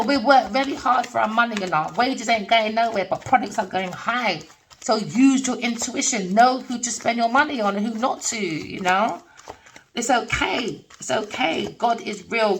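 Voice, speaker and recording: A middle-aged tarot reader rambles through a spiritual reading, blunt, swearing freely and often breaking into laughter. Her voice is on the high side at a moderate pace, sitting distant from the mic with slight background noise.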